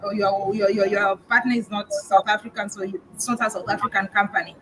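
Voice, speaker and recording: A woman's voice: medium pitch, little pitch movement, fairly quick, noisy background. A woman from Kenya hosting a casual live-stream chat, speaking frankly with frequent restarts and repeats. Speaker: vlogger host on a live chat.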